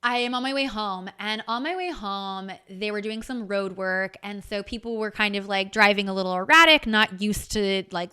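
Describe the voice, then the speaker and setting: A woman hosting a podcast, telling a personal story in a candid, animated way and swearing freely as she goes. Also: medium pitch, clear, resonant tone. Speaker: podcast host. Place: home.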